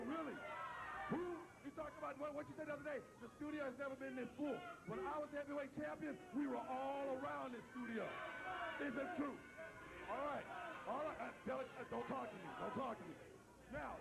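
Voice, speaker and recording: A man's voice: very high-pitched, gravelly. A man cutting a brash wrestling promo in a TV studio, repeating himself and taunting the crowd. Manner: brash, repetitive trash talk.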